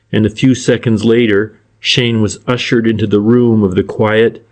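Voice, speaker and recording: A man narrating a classic crime novel as an audiobook, in a measured, even storytelling manner. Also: lowish voice.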